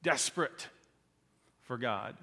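Male preacher, impassioned sermon delivery, rising to loud peaks and falling quiet, in a reverberant hall. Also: medium pitch, animated, slow.

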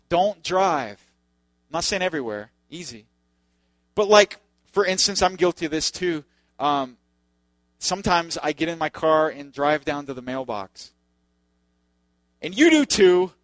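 A man's voice: high-pitched, fairly bright tone, no echo. A man preaching a sermon in a loose, conversational way, with joking asides to the congregation. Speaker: pastor.

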